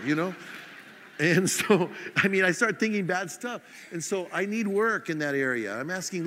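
A man from the United States preaching a sermon in a casual, self-mocking way, acting out his own irritation in quick asides. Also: sits high, expressive, a bit bright, big-room sound, slight background noise. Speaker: pastor.

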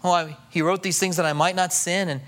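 Middle-aged pastor guy, high bright voice, chatty sermon. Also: fairly even intonation, a little fast. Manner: conversational preaching, acts out quoted voices.

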